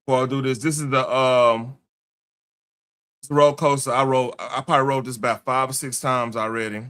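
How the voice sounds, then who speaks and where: Guy hosting his own show, bright voice, rambling and slangy, lots of restarts. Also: medium pitch, fairly even intonation, fairly quick, smooth. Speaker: podcast host. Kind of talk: casual chat.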